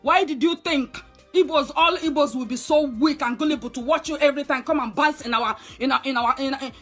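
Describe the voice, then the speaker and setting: A woman's voice: high-pitched, a little fast, fairly bright tone, soft background music. A woman with a Nigerian accent delivering a heated, scolding rant straight to the listener, firing off rhetorical questions and repeating herself. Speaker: online commentator. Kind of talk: angry direct-to-camera rant.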